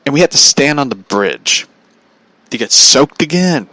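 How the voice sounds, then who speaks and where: A man's voice: medium pitch, animated, measured pace, pushed and bright, no echo. A man telling a comedic story in a profane, exasperated way, laughing often. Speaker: vlogger.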